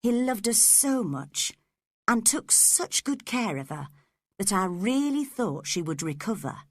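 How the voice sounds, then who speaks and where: Female audiobook narrator: slow, expressive, slightly husky, dry close-mic sound. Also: medium pitch, no echo. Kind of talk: audiobook reading of a classic novel.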